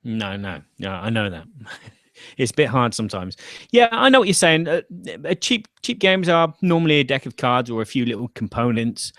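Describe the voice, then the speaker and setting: A man's voice: medium pitch, sing-song, normal speed, fairly bright tone, dry recording, studio quality. A man hosting a casual chat about board games, thinking aloud with fillers and restarts. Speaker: podcast host.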